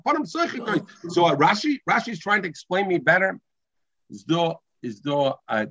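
A man leads a Talmud class, slipping Hebrew and words into his English and restarting sentences as he goes. His voice is husky and sits at an ordinary middle pitch. The recording sounds dull and lo-fi. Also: no echo. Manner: mixes English with Hebrew and Yiddish terms, restarts often. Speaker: Talmud teacher.

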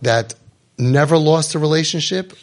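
A man with a somewhat high voice holds forth before a gathered group of parents. He talks in a preachy, emphatic way and drops Hebrew and Yiddish words into his English. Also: moderate pace. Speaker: parenting coach and podcast host. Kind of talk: impassioned talk to a live group.

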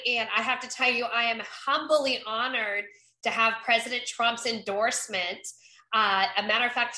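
A woman's voice: on the high side, sharp tone, reverberant, rough recording. A woman running for Congress, from North Carolina, speaking upbeat and effusive in a podcast interview, often restarting her sentences. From Eastern North Carolina. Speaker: congressional candidate.

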